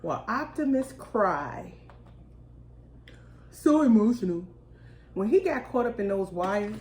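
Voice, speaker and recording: Woman co-host, casual comedic storyteller, mid pitch, roomy echoey room. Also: takes it slowly. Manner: animated storyteller, acts out kids' voices. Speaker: podcast co-host. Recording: roomy echo, faint room noise.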